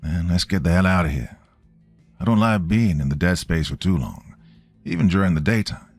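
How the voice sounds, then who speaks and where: Mexican-accented skipper, thirties, brisk and commanding, male narrator. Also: sits low, darkish tone, faint music behind. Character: gruff male boat commander, mid-30s.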